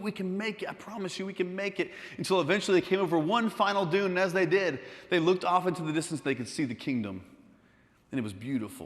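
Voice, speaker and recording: A man storyteller speaks to a room of students, animated and dramatic, swinging between loud bursts and hushed moments. His fairly high voice carries through a large school hall with a long reverb.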